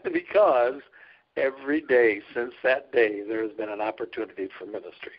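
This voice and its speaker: A man with a mid-range voice speaks at a moderate pace. He's a trucker chaplain and ministry leader telling stories in a casual interview, earnest and folksy, laughing often. The recording sounds dull and lo-fi.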